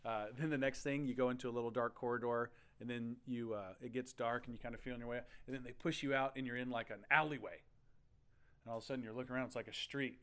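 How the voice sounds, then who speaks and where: A male pastor from Oklahoma, animated as he tells a story in his sermon and laughing now and then. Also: mid-range voice, fast, clean tone.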